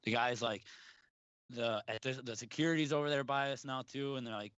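A young man tells a rambling story in casual chat, stopping to restart his sentences and laughing as he goes. His voice sits at an average pitch for a man. The recording is dry and slightly dull. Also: moderate pace, bright, forceful tone, smooth, dry recording.

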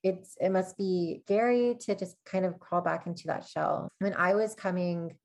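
A woman's voice: on the low side, normal speed, darkish tone. A young woman co-hosting a casual advice chat, telling personal stories candidly with many fillers.

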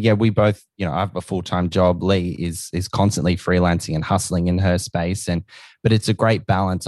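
Enthusiastic Australian man, low voice, casual podcast guest. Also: darkish tone, no echo. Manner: enthusiastic, rambling.

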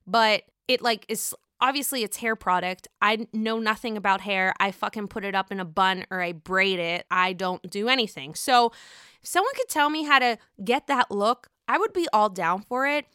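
A young woman chatting excitedly about reality TV as a solo host, swearing freely. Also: medium pitch, normal speed, clean tone, no echo, clean studio sound. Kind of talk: casual solo commentary.

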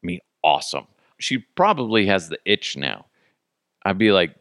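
A man's voice: lowish voice, normal speed, fairly bright tone, no echo, clean studio sound. A man hosting a radio show, rambling through a casual comedic monologue with goofy, profane jokes and laughter. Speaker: radio host.

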